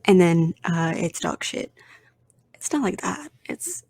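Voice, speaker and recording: A woman's voice: fairly low pitch, animated, takes it slowly, darkish tone. A young woman hosting a casual solo podcast, talking bluntly and with lots of swearing as she rambles through her opinions. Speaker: podcast host.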